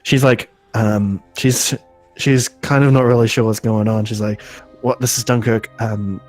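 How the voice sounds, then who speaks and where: Rambling low-voiced podcast host. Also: male voice, fairly even intonation, dry recording, soft background music. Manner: rambling, halting, full of ums and restarts, laughs often. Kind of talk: casual podcast recap.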